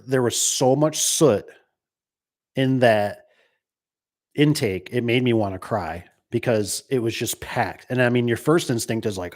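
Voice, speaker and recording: A man's voice: mid-range voice, a little mellow. A middle-aged man who runs a garage door business, chatting casually about trucks in a rambling way, full of restarts and acted-out quotes. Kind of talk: casual chat.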